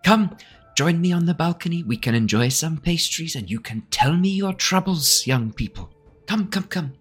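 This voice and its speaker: Man putting on a kind old monk, high and unhurried, husky edge. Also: animated, soft background music. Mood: welcoming. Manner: slow, warm invitations to sit and talk. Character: gentle old male monk, kindly and unhurried.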